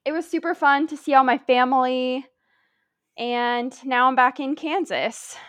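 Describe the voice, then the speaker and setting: A woman's voice: high voice, a little slow, a bit bright, no echo, clean studio sound. A woman from Omaha with an American accent, co-hosting a casual podcast in a wry, laid-back, self-mocking way. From Omaha, United States. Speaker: podcast co-host.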